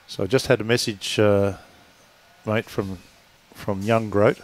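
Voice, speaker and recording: A man's voice: fairly low pitch, fairly even intonation, unhurried. A man co-commentating a lawn bowls stream, chatty and rambling with filler words. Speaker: stand-in co-commentator. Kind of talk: livestream commentary.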